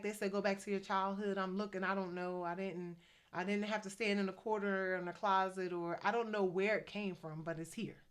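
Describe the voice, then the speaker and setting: A woman in her fifties gives a casual faith-based vlog, chatty and a little preachy. She speaks with a middle pitch, tossing in quick asides between her points. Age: 50s. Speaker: faith vlogger.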